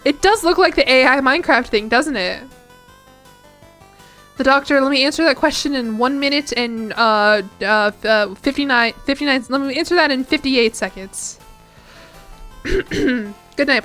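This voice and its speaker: A woman's voice: high-pitched, fairly bright tone. A young woman streamer chatting casually while gaming, rambling and self-deprecating.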